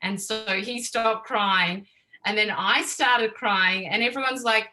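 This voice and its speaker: A woman's voice: a little high, measured pace, rough recording. A woman, a podcast guest talking openly and emotionally in casual interview chat. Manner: emotional, openly expressive, laughs easily.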